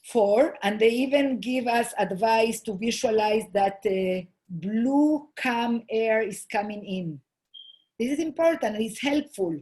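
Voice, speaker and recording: A woman giving a talk on family habits, earnest and often pausing with fillers and restarts. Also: a little high, expressive, darkish tone. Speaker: host.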